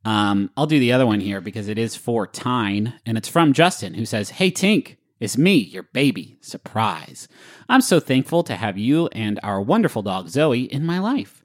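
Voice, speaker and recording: A man co-hosting a podcast, joking his way through playful ad reads and casual chat. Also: moderate pace. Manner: jokey, goofy asides, lively swings in pitch. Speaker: podcast co-host.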